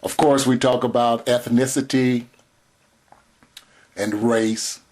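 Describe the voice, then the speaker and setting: Slow, measured male lecturer. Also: mid-range voice, little pitch movement, darkish tone. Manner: slow, measured delivery with spelled-out terms. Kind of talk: recorded lecture.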